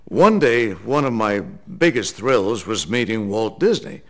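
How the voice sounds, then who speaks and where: Older veteran voice actor, gravelly and animated, telling a story. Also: male voice, on the low side, a little slow. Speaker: cartoon voice actor. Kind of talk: anecdote told to camera.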